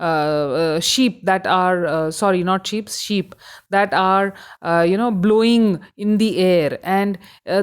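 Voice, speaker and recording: A woman with an Indian English accent giving a recorded lecture on a poem, explaining slowly with many hesitations. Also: mid-range voice, darkish tone, clean tone. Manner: halting, explanatory, many fillers.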